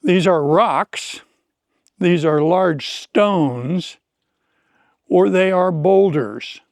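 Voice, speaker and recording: A man teaching English in slow, deliberate, clearly explained speech while hiking outdoors on a forest trail. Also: high voice, a little mellow, no echo, clean studio sound.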